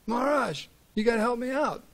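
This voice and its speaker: A frantic storybook mouse begs a holy man for rescue in a squeaky, raised voice, as a man puts him on. A gravelly crackle runs under the pleading. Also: fairly quick, a bit bright. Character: desperate male mouse, then a greedy lion.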